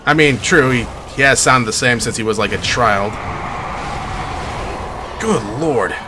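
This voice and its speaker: A man streaming a live playthrough, reacting excitedly, talking to chat, and muttering to himself between loud outbursts. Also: medium pitch, measured pace, noisy background. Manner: casual, swears, talks to chat. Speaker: gaming streamer. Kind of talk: live gameplay commentary.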